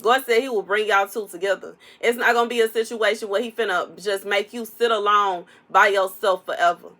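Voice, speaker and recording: A woman giving a casual prophetic message, animated and playful, preaching straight to the listener. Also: mid-range voice, brisk. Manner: animated, preachy, playful, African American Vernacular English. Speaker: prophetic content creator.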